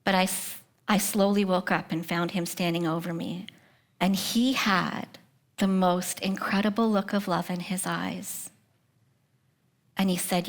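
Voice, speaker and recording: With a lowish, fairly even, unhurried voice, a middle-aged woman gives an earnest faith testimony at a prayer breakfast. She drops often into a hushed whisper and puts questions straight to those listening.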